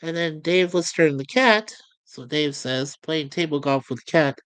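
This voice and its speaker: A woman reviewing a show in a casual, halting way, setting up quotes with fillers. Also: low-pitched, no echo, poor audio. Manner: loose, halting narration with fillers.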